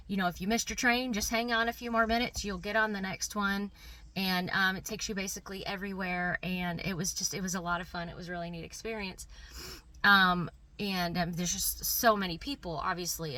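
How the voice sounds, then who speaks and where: A woman's voice: medium pitch, sharp tone. A middle-aged woman telling a personal story in a chatty way, with lots of fillers and giggles. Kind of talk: personal anecdote.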